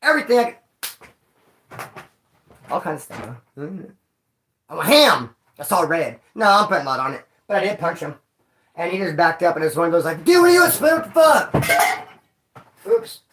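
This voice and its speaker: A man casually telling stories about his time in prison to camera, in a slangy, profane and animated way, often acting out other people's voices. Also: on the high side, moderate pace, pauses often, a little hiss or hum.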